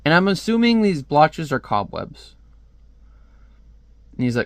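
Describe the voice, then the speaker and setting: A man's voice: a little high, sing-song, a little slow, no room sound. A man casually reviewing a comic book, talking in a rambling, chatty way with lots of fillers.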